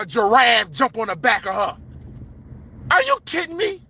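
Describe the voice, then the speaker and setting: Man, livestream host, impassioned rant, yelling, preachy, bright tense voice. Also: very high-pitched, very animated, normal speed, slightly rough.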